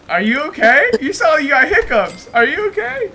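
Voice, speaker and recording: A man chatting and teasing a friend on a gaming stream, animated and jokey. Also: very high-pitched, brisk, hardly any pauses, background noise. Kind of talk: casual gaming stream chat.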